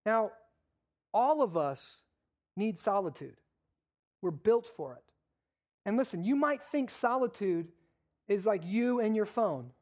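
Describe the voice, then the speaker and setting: A pastor preaching a sermon with repeated, stressed phrases, slowing down on key lines and asking the congregation questions. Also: medium pitch, expressive, a little mellow.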